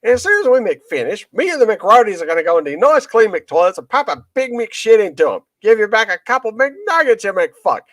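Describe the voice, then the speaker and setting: A man putting on an Australian accent to impersonate a crude, ranting male stand-up comic, loud and profane. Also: high-pitched, sing-song, fairly quick, hardly any pauses, no room sound, studio quality, voice pushed up.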